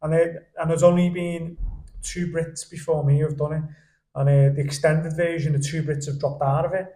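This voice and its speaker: A young man on a podcast, telling stories in a lively, animated way and laughing along as he goes. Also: on the high side, normal speed, reverberant. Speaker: podcast guest. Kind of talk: casual storytelling chat. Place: indoor podcast studio.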